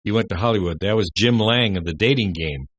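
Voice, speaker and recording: An older man, a guest on a radio interview, telling rambling stories full of pauses. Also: on the low side, fairly bright tone, no room sound. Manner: rambling anecdotes with many "uh" pauses. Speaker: guest entertainer.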